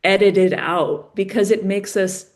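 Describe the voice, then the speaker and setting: Speaking a little slowly at medium pitch, a female podcast guest relates stories in casual talk, animated as she performs the dialogue within them.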